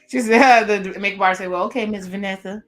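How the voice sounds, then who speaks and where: A woman hosting a reaction video, recapping a TV episode in a chatty, expressive way and reading character lines aloud. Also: mid-range voice, fast, faint music behind. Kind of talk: casual commentary recapping a TV episode.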